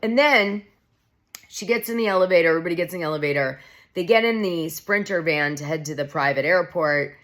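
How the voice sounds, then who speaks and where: A woman's voice: fairly low pitch, fairly quick. A woman vlogger recapping a reality show in a casual, chatty, opinionated way, often saying "like". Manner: gossipy, opinionated, heavy use of "like".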